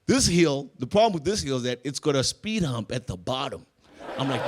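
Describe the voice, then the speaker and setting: A young man, doing animated stand-up storytelling and acting out voices. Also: mid-range voice, fairly quick. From South Africa. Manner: animated, acts out voices, laughs through lines. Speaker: stand-up comedian. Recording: noisy live room.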